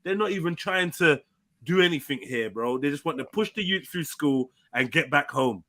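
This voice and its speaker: Brash panel host from England, high bright voice, animated. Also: male voice, normal speed, no room sound. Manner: animated, blunt, swears freely. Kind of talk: heated livestream panel debate.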